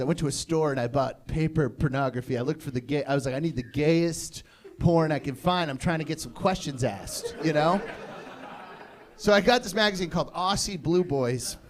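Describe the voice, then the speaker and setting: A man from Maine in his thirties doing a crude, self-deprecating stand-up set on a stage, telling stories and shouting short impressions. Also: on the high side. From Maine, USA. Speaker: stand-up comedian. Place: comedy stage before a laughing audience.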